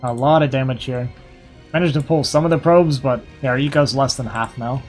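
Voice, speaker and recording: A young man giving casual, quick play-by-play commentary on a strategy game match, a little hoarse and thinking aloud as he goes. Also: medium pitch, faint music behind. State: slightly hoarse, losing his voice. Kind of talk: live esports play-by-play commentary.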